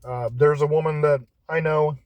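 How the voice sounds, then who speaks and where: A man talking in a casual monologue, halting and often repeating words as he searches for how to phrase things. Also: on the high side, fairly even intonation, no echo, highs cut off.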